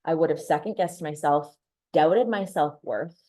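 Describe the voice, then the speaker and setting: Speaking low, unhurried and mellow, a thirties-aged woman shares a candid personal story during a presentation, now and then repeating words or starting over.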